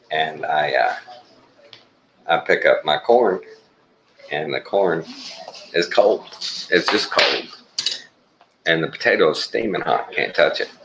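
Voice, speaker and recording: Very deep-voiced Texan man telling a story. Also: pushed and bright, a little hiss or hum, rough recording. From Texas. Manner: halting, unhurried, full of "uh" pauses. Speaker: live streamer. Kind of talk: casual storytelling on a live stream.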